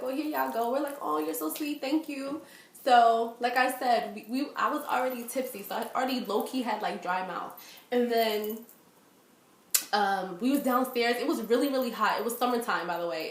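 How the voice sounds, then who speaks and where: Chatty woman in an echoey room. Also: a little high. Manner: animated, lots of fillers, acts out quoted voices. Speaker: vlogger. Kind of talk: storytime vlog.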